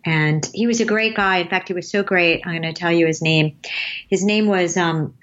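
With highs cut off in the recording, a late-fifties woman who works as an advertising creative speaks at a moderate pace in a lowish, slightly bright voice. As an interview guest, she tells meandering stories and laughs a lot.

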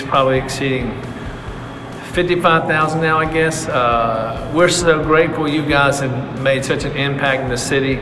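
A man giving halting, grateful thanks on behalf of a ministry, with many pauses and fillers. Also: medium pitch, roomy sound, long reverb tail, noisy background.

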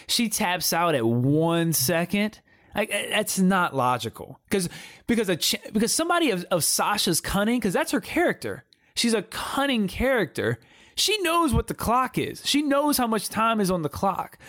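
Guy co-hosting a podcast, kinda high voice, emphatic and slangy, dry close sound. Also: a bit bright, no echo. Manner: emphatic, repeats himself, slangy. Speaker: podcast co-host. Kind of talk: casual wrestling review chat.

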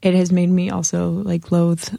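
In her thirties, this singer-songwriter appears as a guest on a chat show podcast, casually telling an animated story full of fillers and acted-out quotes. Her voice is lowish with vocal fry and moves at a normal pace. The sound is studio quality with no echo.

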